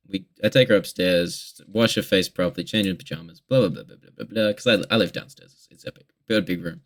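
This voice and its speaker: Young Aussie male vlogger with a lowish voice, rambling and swearing through a candid confessional. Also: a little fast. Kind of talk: casual confessional monologue.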